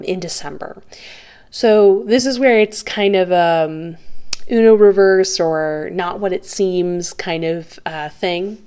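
A woman's voice: medium pitch, a little mellow. A woman giving a pick-a-card tarot reading, talking straight to the viewer in an earnest, reassuring, chatty way with light laughs. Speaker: tarot reader.

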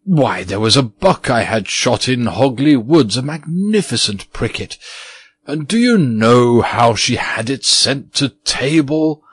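A man's voice: medium pitch, big pitch swings, breathy edge, pitched above the performer's own voice. A man voicing a weary, petulant old ghost. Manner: slow, drawn-out, plaintive. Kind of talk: audiobook character reading.

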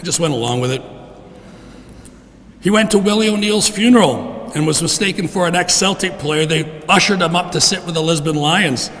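A middle-aged man giving a heartfelt funeral eulogy for his father in a church, clearing his throat often. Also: on the high side, moderate pace, a bit bright, a little hiss or hum. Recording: long reverb in a church.

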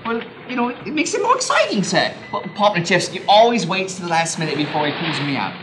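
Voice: medium pitch, sing-song, fast, music in the background, close to an everyday voice, low-quality recording. A performer playing a wheedling, stammering hustler who keeps calling the listener "sir", on an amateur home tape. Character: wheedling street hustler who stages his own drowning. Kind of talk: amateur radio-play acting. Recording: hissy home tape recording.

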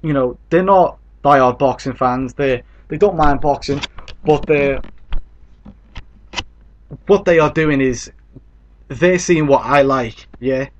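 A man's voice: medium pitch, slow, pauses often, muffled recording, slight background noise. Blunt, profane British man ranting about boxing. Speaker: boxing commentator. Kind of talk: casual opinion commentary.

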